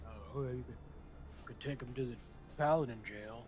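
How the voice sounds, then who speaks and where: A man's voice: medium pitch, a little fast, darkish tone, natural voice. A man voicing a fussy, anxious male major domo who stammers and repeats himself.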